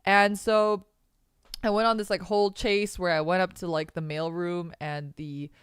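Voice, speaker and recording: A woman's voice: fairly low pitch, fairly even intonation, normal speed, clean tone, no room sound, clean studio sound. A woman hosting a casual podcast, telling a rambling story with lots of fillers and laughs. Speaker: podcast host. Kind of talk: casual chat on a streamed podcast.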